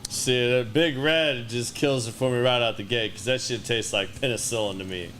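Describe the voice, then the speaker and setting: Man, mid-pitched podcast host, loose and chatty, faint room hiss. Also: moderate pace. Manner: relaxed, reactive, casual swearing. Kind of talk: casual interview.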